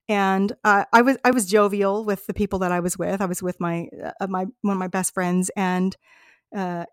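A woman's voice: medium pitch, clear, resonant tone, no room sound. Earnest woman, dry close sound. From United States. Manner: earnest, heartfelt, reflective. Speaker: podcast host. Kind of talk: personal storytelling monologue.

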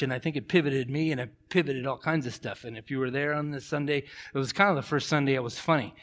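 A middle-aged male pastor preaching a sermon, telling stories with animated swings from loud to hushed. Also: on the high side, fairly quick. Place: church.

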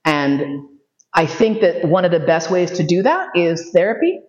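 A woman's voice: lowish voice, big pitch swings, unhurried, darkish tone. A woman lecturing in a loose, joking way, peppering her talk with swearing and laughter. Her voice carries the echo of a big room, and the recording sounds dull and lo-fi. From United States. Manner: joking, profane, frequent laughs. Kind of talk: casual lecture with Q&A.

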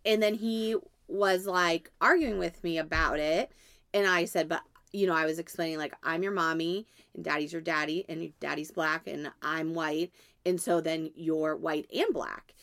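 A woman in her thirties tells a family story in a relaxed, chatty way and laughs easily. Her voice sits on the low side, and it is recorded dry and close with little room sound. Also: normal speed, no echo. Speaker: podcast co-host. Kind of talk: casual chat.

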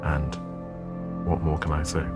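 A photographer appears as an interview guest, thoughtfully telling a story and often repeating words while he gathers his thoughts. His voice is a low rumble with a completely flat, unhurried delivery, heard over loud music.

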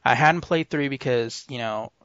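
Easygoing rambling podcast host. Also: male voice, medium pitch, moderate pace, fairly bright tone, clean tone, dry recording. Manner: rambling, easygoing, laughs often. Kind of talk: casual chat. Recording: dull lo-fi podcast audio.

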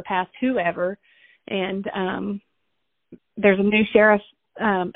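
Interview guest: young woman, earnest, halting retelling; thin phone-line audio. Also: medium pitch, dry recording. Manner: earnest, halting, many restarts and fillers. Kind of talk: emotional personal storytelling.

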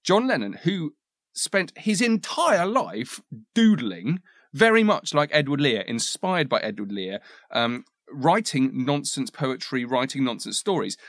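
A man's voice: medium pitch, big pitch swings, a little slow, fairly bright tone, no room sound, studio quality. A man in a casual chat who teases his co-host, asks questions and reads nonsense verse aloud.

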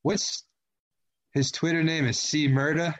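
A man's voice: fairly high pitch, fairly even intonation, a little slow, fairly bright tone. A man co-hosting a casual sports chat, rambling along with lots of fillers and restarts. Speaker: podcast co-host.

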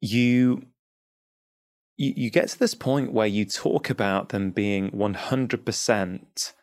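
Low-voiced reflective man interviewing. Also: a little mellow, dry recording, clean studio sound. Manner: reflective, halting, repeats words. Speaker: podcast host. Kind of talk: interview conversation.

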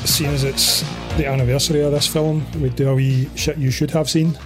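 A Scottish man in his forties talks through a film as a podcast host. He is relaxed and chatty, with a middling voice and plenty of fillers. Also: mid-range voice, brisk, over music. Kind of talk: casual film commentary chat.

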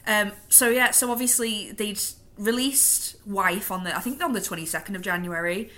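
A woman's voice: medium pitch, normal speed, bright, forceful tone. A woman co-hosting a casual podcast, playful and chatty with joking asides. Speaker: podcast co-host. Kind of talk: casual chat.

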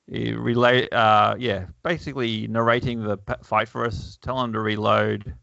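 Podcast chat from a man with a gravelly edge and a bright, forceful tone, who talks wryly and chuckles as he reads a comic aloud. The sound is dull and lo-fi. The room is dry. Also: medium pitch, fairly even intonation, moderate pace, no echo. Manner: wry, chuckling, lots of fillers. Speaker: podcast host.

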